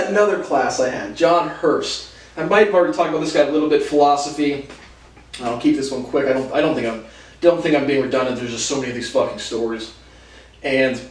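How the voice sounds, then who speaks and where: Pitched on the high side and far from the microphone, this young male host laughs between lines of a casual monologue of college stories. His tone is sardonic and full of profanity. The recording has room echo, an off-mic voice, and faint noise.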